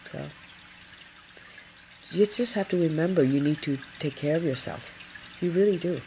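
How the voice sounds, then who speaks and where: A woman's voice: low voice, a little slow, mellow, a little hiss or hum. Earnest chatty woman hosting a livestream. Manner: earnest, chatty, repeats phrases. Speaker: feng shui livestream host. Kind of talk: casual livestream talk.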